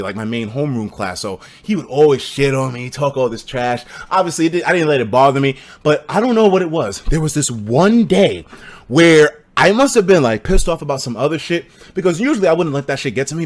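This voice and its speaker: A young man with a high voice tells a story on his live stream. His pitch swings all over the place, and he mixes loud high shouts with laughter and a lot of swearing. He comes across as a very animated storyteller. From United States.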